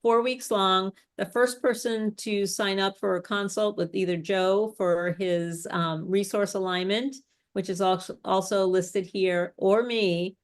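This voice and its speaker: Woman coaching in a chatty online workshop. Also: mid-range voice. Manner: demonstrative, explains step by step, chatty asides. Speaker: speech coach. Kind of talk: live online workshop teaching.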